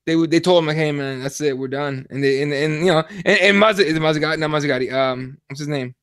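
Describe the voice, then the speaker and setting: Brief: young man, high pitched, animated and foul-mouthed podcast co-host, dry close sound. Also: fast, clear, resonant tone, no echo. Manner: profane, animated storytelling. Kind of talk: casual chat.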